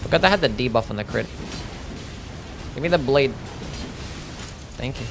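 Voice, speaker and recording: A young man live-streams a game in a medium-pitched, animated voice at normal speed. He's laid-back, swearing casually and reading chat aloud, with faint music in the background.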